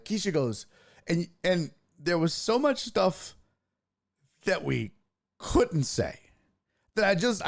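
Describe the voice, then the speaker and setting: A man hosting a podcast, telling a comedic story in a profane, animated way and acting out what he said. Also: a little high. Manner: profane, animated, acts out his own quotes. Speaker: podcast host.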